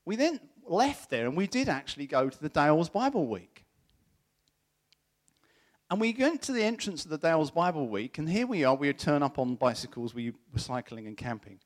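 Animated man preaching a sermon. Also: a little high, moderate pace. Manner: animated storytelling, acting out quoted voices. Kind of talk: sermon with personal story.

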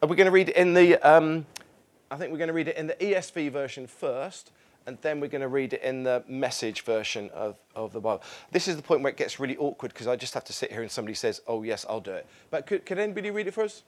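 A man's voice: fairly high pitch, fast talker. A man leading a church gathering, talking casually and hesitantly, with many fillers and restarts. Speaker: church service leader.

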